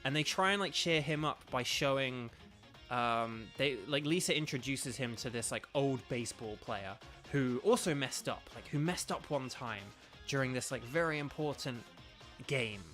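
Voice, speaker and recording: A man's voice: medium pitch, animated, normal speed, bright, forceful tone, soft background music. A man streaming a video game, chatting casually and rambling as he reads viewer comments aloud. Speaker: streamer and voice actor.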